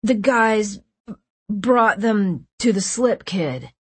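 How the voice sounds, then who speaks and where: A bossy teenage gang leader with a gun, barking short orders, as a woman reads him with a husky, raised voice. The sound is dry and close, with no room around it. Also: fairly high pitch, sing-song, slow pace, no echo, voice pushed up, heavily acted. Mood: commanding.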